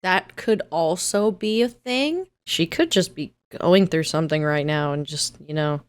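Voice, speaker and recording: A woman's voice: low-pitched, measured pace, clear, resonant tone. A young woman co-hosting a podcast, teasing and swearing casually and laughing often. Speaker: podcast co-host. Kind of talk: casual chat.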